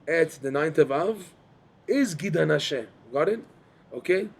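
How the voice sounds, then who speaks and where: Animated man teaching a Torah class. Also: fairly high pitch, unhurried, vocal fry, breathy edge. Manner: animated, repeats words, asks listeners to follow. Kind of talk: Torah class explaining texts.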